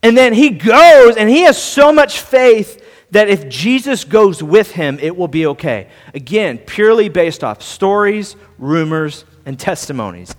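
A man preaching a sermon, earnest, restarting and repeating words and swinging between soft and loud. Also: high-pitched, expressive, unhurried, big-room sound. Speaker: pastor.

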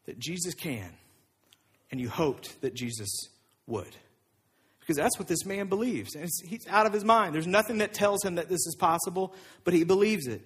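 Pastor, male, high husky voice, dynamic preaching that rises and drops. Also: brisk. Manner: animated preaching, swinging between loud emphasis and hushed intimacy. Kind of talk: sermon.

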